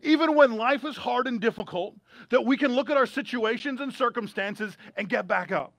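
Very high-voiced male pastor preaching. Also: normal speed, vocal fry, fairly bright tone, no room sound. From United States. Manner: conversational preaching with humorous asides. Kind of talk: sermon. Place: church service streamed online.

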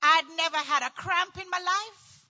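A woman in middle age telling a personal story in a dramatic, animated way, acting out voices and often shouting. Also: extremely high pitch, normal speed, muffled recording. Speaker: storyteller recounting childbirth.

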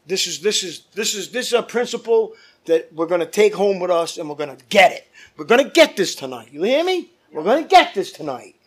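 A man's voice: high-pitched, sing-song, a little fast, a bit bright, slightly rough. A man preaching a fervent sermon as pastor, calling out to his congregation. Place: church.

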